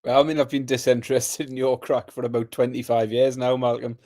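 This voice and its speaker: A man's voice: medium pitch, flat delivery, a little fast, darkish tone, no room sound. A man co-hosting a podcast, answering in a laid-back, dry way. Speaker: podcast co-host. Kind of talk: casual podcast chat.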